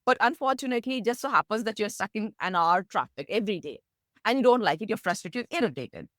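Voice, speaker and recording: A woman, a meditation teacher, explaining mindfulness through gentle stories in an interview. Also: quick pace, no echo, clean studio sound. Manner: gentle storytelling, lively pitch, laughs softly.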